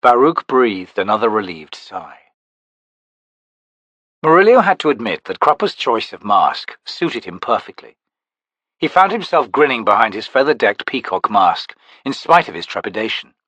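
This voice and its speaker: A man narrating a fantasy audiobook with expressive storytelling. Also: on the low side, moderate pace, no room sound, dull audio.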